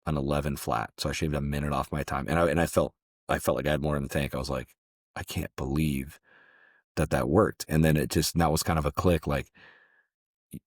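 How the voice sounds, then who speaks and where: A man's voice: extremely low pitch, fairly even intonation, fast talker, no room sound, studio quality. A man from Southern California, a former security contractor, telling stories as a guest in a casual interview, loose and conversational with frequent restarts.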